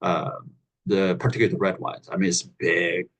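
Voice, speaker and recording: A man with a very low, husky voice hosts a wine club tasting over a video call. He talks in a loose, chatty way, full of restarts and "um"s as he answers questions. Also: brisk, rough recording. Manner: relaxed, chatty, many fillers and restarts. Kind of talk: casual chat on a video call.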